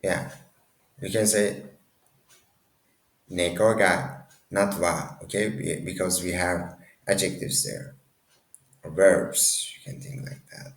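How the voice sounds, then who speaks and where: Slow, gravelly low-voiced male teacher. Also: fairly even intonation, roomy sound. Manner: halting, many restarts and self-corrections. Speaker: language teacher. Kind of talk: casual language lesson.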